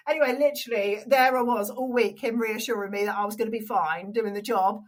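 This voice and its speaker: A young adult woman with an English accent, a stadium announcer and radio presenter telling an animated story in an interview. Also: a little high, fast, hardly any pauses, low-quality recording. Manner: animated storyteller, acts out quoted voices.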